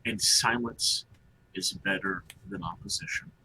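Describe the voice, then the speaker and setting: A man's voice: deep voice, measured pace, bright, forceful tone, a little hiss or hum, full character voice, poor audio. A man voicing a terse male adventurer in a tabletop game.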